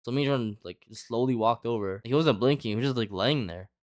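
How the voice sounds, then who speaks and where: Fast rambling young man, dry sound. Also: mid-range voice, no room sound. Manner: rambling, heavy filler "like", lots of swearing. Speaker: storyteller. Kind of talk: casual storytime chat.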